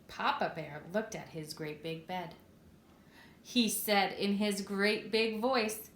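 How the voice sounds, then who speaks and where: A preschool teacher, a woman, reading a story aloud and asking the children questions in a clear, expressive way. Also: medium pitch, takes it slowly. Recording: echoey room.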